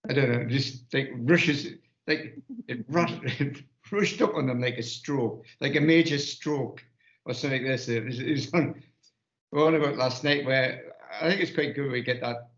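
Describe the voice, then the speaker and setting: A man rambling in a halting way on a finance podcast panel, often restarting his sentences. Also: medium pitch. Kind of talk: casual panel chat. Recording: muffled audio in a roomy space.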